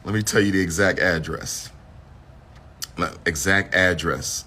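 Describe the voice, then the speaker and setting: A man's voice: deep voice, unhurried, bright, forceful tone. Repetitive hype-building man with faint noise. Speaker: livestream host. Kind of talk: casual livestream monologue.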